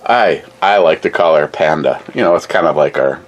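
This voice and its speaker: A man's voice: very deep voice, moderate pace, highs cut off, slight background noise. A man hosting a casual drink review, rambling and joking with a bit of swearing.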